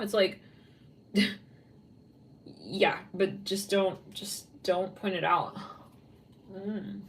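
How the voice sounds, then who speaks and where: A chatty woman with a Californian accent talks loosely through a tarot reading, laughing between phrases and filling her sentences with "like." Her voice sits at an ordinary pitch. It is recorded from a little way off the mic, with a faint hiss underneath. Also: a little slow, pauses often, recorded from a distance. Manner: rambling, giggly, lots of "like". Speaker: tarot reader.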